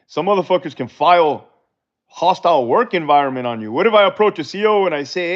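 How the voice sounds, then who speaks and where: Middle-aged male streamer, slightly high voice, blunt and profane, muffled lo-fi audio. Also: lively intonation, fairly quick. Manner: blunt, profane, laid-back storytelling. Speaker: livestream host, former corrections officer. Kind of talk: casual livestream chat answering viewer questions. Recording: dull lo-fi livestream audio.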